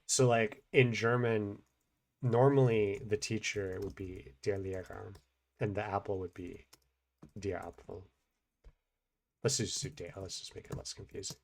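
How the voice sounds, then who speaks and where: A man explaining grammar in a relaxed, unscripted way, thinking aloud with many fillers and restarts. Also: on the low side, measured pace, gravelly, pauses often. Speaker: language teacher.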